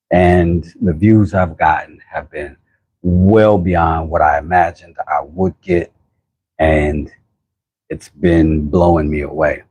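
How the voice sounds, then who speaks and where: An American man hosting a casual livestream, rambling and laughing as he gives shout-outs to viewers from his workshop. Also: rumbling low, slightly rough. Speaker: channel host. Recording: dull lo-fi sound.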